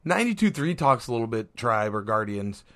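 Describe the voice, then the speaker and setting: A man's voice: mid-range voice, big pitch swings, fairly quick, fairly bright tone. Rambling male sports podcast co-host. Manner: rambling, many fillers and restarts. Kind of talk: casual sports chat.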